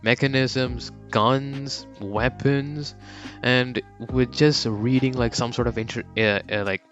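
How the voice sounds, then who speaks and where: A man's voice: mid-range voice, fairly even intonation, takes it slowly, fairly bright tone, lo-fi sound, faint music behind. A young man casually narrating a fan story, slangy and rambling.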